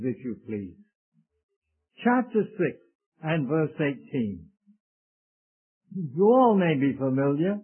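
A man preaching a sermon in an earnest, solemn way, speaking to his listeners as beloved. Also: on the high side. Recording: tinny lo-fi phone-like recording.

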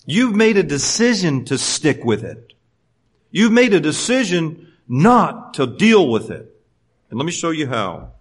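A man delivers a sermon from the pulpit in a voice sitting a bit above the usual male range. He swings between raised, animated passages and hushed, drawn-out lines. He acts out the quoted voices as he goes. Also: on the high side, breathy edge. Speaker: preacher.

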